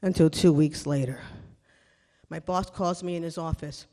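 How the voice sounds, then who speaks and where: A woman telling a funny personal story live on stage, animated and sarcastic as she acts out the scenes. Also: sits low, normal speed, in a large hall. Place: small stage venue.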